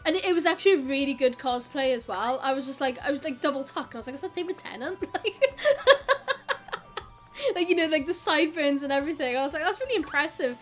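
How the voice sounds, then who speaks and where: A woman's voice: high-pitched, quick pace, faint music behind. A young Welsh woman from South Wales chatting casually with her live stream audience, giggly and full of "like".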